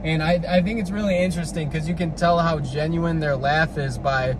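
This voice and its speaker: A man's voice: fairly high pitch, steady tone, fairly quick, background noise. A young man vlogging casually, rambling with lots of "like" fillers, recorded on a handheld phone. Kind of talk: casual vlog chat. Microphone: handheld phone camera.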